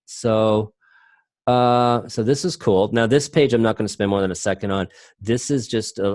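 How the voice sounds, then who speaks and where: A middle-aged man talks through a lesson from his home computer in a deep, warm tone. He rambles and breaks off mid-sentence to fix what he said. The sound is dry and close, with no room echo. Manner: loose, rambling, self-interrupting. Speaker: teacher. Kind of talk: casual online class lecture.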